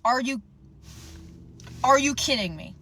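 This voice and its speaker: A woman's voice: high-pitched, lively intonation, a little slow, fairly bright tone, a little hiss or hum. A woman giving an impassioned, agitated rant straight to camera, earnest and stumbling over her words. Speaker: content creator.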